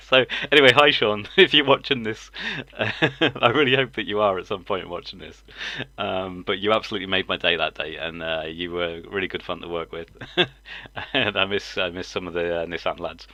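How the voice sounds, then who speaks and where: Guy on a live stream, chatty and giggly, kinda low but bright, dry mic. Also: dry recording. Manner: laughs often, rambling and self-interrupting. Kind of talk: casual chat.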